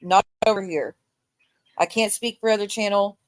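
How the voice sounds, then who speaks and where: A woman's voice: medium pitch, moderate pace. A woman co-host speaking bluntly and earnestly in casual stream chat.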